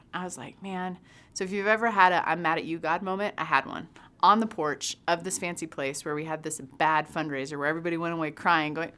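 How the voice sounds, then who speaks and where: Lively lower-voiced woman giving a devotional. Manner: animated storytelling, acts out her own past voice. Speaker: youth ministry speaker. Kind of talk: casual devotional talk.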